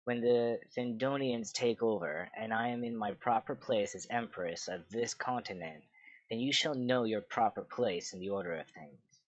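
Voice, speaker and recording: A man's voice: medium pitch, normal speed, dry recording, lo-fi sound, natural voice. A man voicing a haughty scheming queen. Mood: imperious. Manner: haughty, cutting. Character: scheming proud queen mother, imperious.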